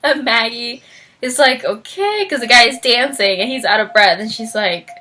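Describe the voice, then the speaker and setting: A young woman reviewing a romance novel in a casual vlog, bubbly and animated, acting out characters' lines and laughing often. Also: normal speed. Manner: bubbly, acts out characters' lines with big pitch jumps; frequent fillers and laughter. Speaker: book vlogger.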